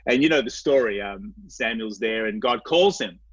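A man's voice: on the low side, lively intonation, moderate pace, slightly rough, no echo. A man as an interview guest telling a personal faith story, earnest and reflective, often restarting and repeating his words. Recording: dry, slightly dull recording.

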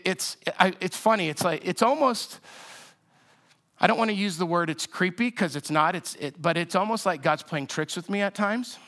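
Man preaching, slightly high voice. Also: fairly bright tone. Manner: conversational, reflective, with restarts. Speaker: pastor. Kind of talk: sermon.

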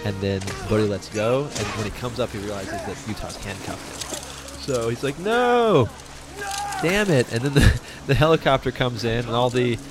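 A man's voice: mid-range voice, fairly even intonation, normal speed, over music. A man co-hosting a casual movie review podcast, chatting, laughing often and acting out characters' lines. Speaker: podcast co-host.

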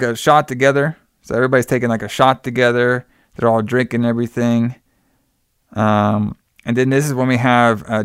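A man's voice: medium pitch, clear, resonant tone, no room sound, clean studio sound. A young man casually recapping a film's plot, rambling with lots of "like" and "you know.". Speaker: podcast co-host recapping a film. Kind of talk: casual chat.

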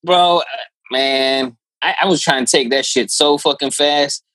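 A man chats casually as a podcast co-host, quick with jokes and reactions. His voice sits at a middle pitch and the sound is dry and close. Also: sharp tone, no echo. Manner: reactive, joking interjections. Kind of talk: casual chat.

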